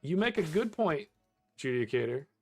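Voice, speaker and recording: A man's voice: on the high side, big pitch swings, moderate pace, soft background music. Chatty man streaming a game. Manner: chatty, laughs often, talks to chat. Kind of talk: casual live-stream chat while gaming.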